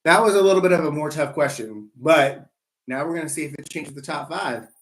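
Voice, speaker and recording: A man's voice: on the high side, fairly quick, fairly bright tone. A man hosting a live trivia game, playful and rambling, teasing himself in asides between questions.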